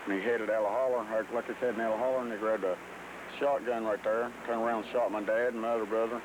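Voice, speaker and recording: A man giving a plain, halting account in a documentary interview outdoors. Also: lowish voice, fairly even intonation, background noise.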